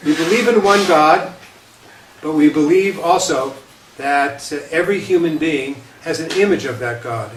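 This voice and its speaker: A man, a rabbi, giving a lecture with light humor, talking conversationally and often checking in with "okay?" and repeating himself. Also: fairly high pitch. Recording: roomy echo, distant mic, faint hiss.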